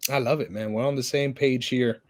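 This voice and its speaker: A man's voice: medium pitch, fairly even intonation, brisk, a little mellow. A young man co-hosting a casual sports podcast, teasing his partner, hyped up and swearing freely. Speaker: podcast co-host.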